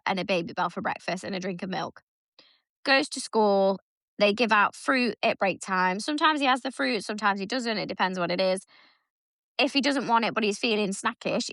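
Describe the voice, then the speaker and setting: In a clean studio recording with no room sound, a woman co-hosting a podcast chats casually, telling lively stories in a medium-pitched voice and performing the lines her son said.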